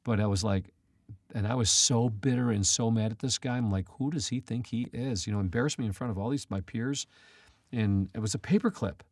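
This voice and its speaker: A man's voice: lowish voice, fairly quick, darkish tone, dry recording, studio quality. A man co-hosting a Christian talk show, telling personal stories in a casual, rambling way with frequent restarts. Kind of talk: casual storytelling chat.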